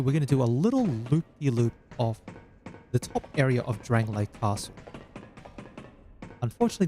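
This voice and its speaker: A man's voice: mid-range voice, mellow. A man giving chatty, wry let's-play commentary on a game as he plays. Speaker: gaming YouTuber.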